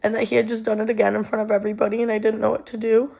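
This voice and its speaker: Young woman, low creaky voice, flat delivery, lots of ums and likes. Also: rapid-fire. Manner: conversational with many ums and likes. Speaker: storyteller. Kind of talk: personal storytime.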